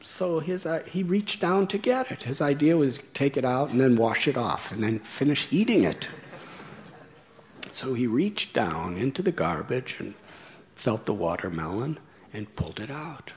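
A man telling a story slowly, chuckling at his own tale. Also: mid-range voice, sing-song, muffled recording. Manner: slow, chuckling anecdote telling. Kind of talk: storytelling talk.

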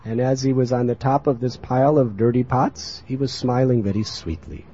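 A man telling a sacred story in a sermon, in an animated, expressive narrating manner, on a muffled lo-fi recording. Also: medium pitch, moderate pace, breathy edge. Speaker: religious storyteller.

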